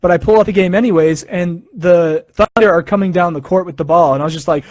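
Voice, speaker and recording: A man hosting a sports podcast, giving casual opinions in an excitable, animated storytelling manner. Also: high voice, fast talker, hardly any pauses, no echo.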